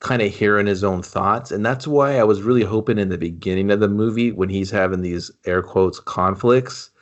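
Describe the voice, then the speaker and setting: Low-voiced man joking through a movie review. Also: moderate pace, lo-fi sound. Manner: joking, quotes characters in offhand voices. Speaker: podcast co-host. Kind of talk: casual movie review chat.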